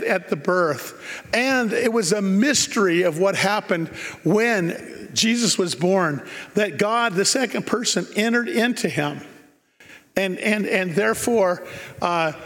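A man's voice: high voice, fairly bright tone, in a large hall. A man preaching a sermon, emphatic and repeating key phrases for effect.

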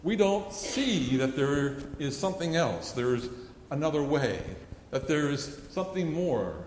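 A man's voice: fairly high pitch, expressive, measured pace, a little mellow, slight background noise. A middle-aged man preaching a sermon, telling stories earnestly and acting out a child's pleading. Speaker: pastor. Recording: echoey hall with long reverb.

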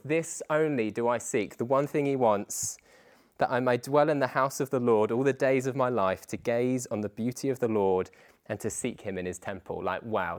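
Earnest man preaching to students. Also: medium pitch. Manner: earnest, conversational preaching with quoted prayers. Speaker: speaker at a student Christian talk. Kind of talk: informal sermon.

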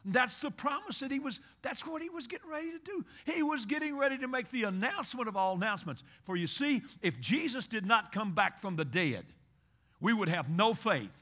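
A man from Kentucky preaching a sermon in a high, ringing voice. He builds to loud, urgent exhortation, then falls to a hushed, intimate tone. He repeats key phrases to drive them home. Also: lively intonation, a little fast. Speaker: pastor.

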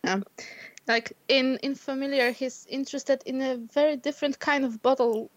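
A woman's voice: high voice, fairly even intonation, normal speed, no echo, dull audio. A woman co-hosting a podcast in casual chat, hesitant, often restarting and searching for words. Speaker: podcast co-host.

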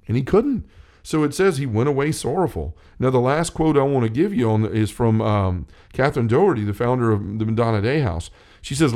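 A man's voice: mid-range voice, darkish tone. A man talking earnestly about faith on a talk show, reading quotes and urging listeners, with frequent restarts and fillers. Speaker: co-host of a Catholic talk show.

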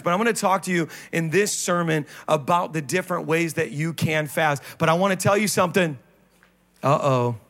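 A male pastor preaching a sermon on stage, animated and playful, with sudden drops into low, quiet emphasis. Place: church stage.

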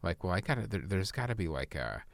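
A man co-hosting a podcast, chatting casually about films with easygoing, quick asides. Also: low voice, sing-song, vocal fry, dry recording. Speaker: podcast co-host. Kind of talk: casual film chat.

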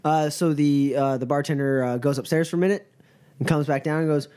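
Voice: mid-range voice, fairly even intonation, brisk, dark tone, clean tone. A game master narrating a tabletop game, hesitant and full of fillers.

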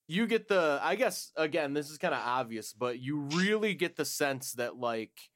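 Excitable man chatting on a podcast. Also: on the high side, moderate pace. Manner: excitable, laughs often, swears casually. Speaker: podcast co-host. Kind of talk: casual chat.

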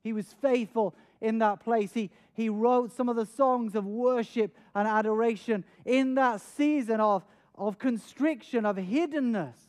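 A man's voice: very high voice, a little slow, few pauses. A man preaching a sermon, earnest and dramatic, often repeating words as he stresses a point. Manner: dramatic, acts out scenes with raised voice.

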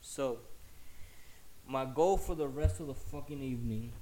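A man's voice: mid-range voice, measured pace, mellow. A man telling a story in a heated, profane, rambling rant while slightly sick.

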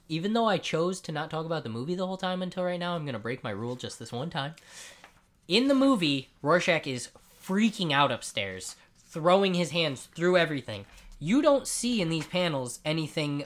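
A man hosting a casual comic book chat, recapping scenes in an animated way and acting out the characters, with frequent swearing and jokes. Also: a little high. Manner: animated storyteller who acts out scenes; profane, joking. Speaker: comic book podcast co-host.

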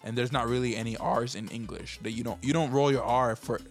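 A man from Puerto Rico, co-hosting a casual podcast chat and talking in an animated way. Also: medium pitch, a little fast, faint music behind. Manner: animated, jumps into mocking parent voices. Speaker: podcast co-host.

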